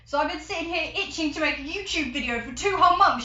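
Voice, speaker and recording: An excitable teenage girl, chatting and rambling to her camera in a casual vlog. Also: high voice, fairly quick, hardly any pauses. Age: teens. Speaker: vlogger. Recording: echoey room, dull lo-fi sound.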